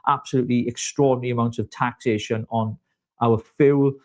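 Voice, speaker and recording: A man's voice: medium pitch, brisk. Chatty man hosting a live show. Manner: chatty, jokey, flattering. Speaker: co-host. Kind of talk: casual live-stream chat.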